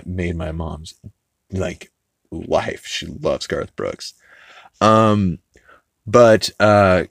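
Recorded dry with studio quality, this low-pitched man hosts a podcast and loosely recaps a cartoon episode, cursing freely and tossing off characters' lines in quick mock voices.

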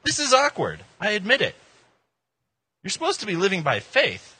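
A man preaching a casual, joking sermon in an informal, animated way. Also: high-pitched, normal speed, slightly rough. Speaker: pastor.

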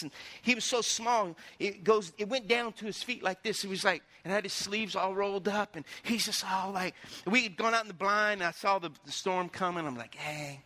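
A man's voice: high-pitched, bright, forceful tone, no echo. A middle-aged man preaching a sermon as pastor, telling folksy stories and calling out to his congregation.

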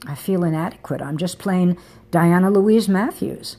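Audiobook: blunt, teasing young woman, husky low voice, voiced by the reader. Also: normal speed, mellow. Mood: playful. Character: young woman, frank and playful lover.

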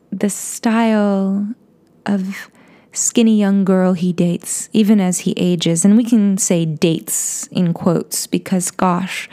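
A woman recounting a personal story in a low, mellow voice. She speaks softly and confessionally, often sinking into a whisper. Her sentences stall and restart as she works through the memory. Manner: soft, confessional, slips into whispers; frequent restarts and stammers.

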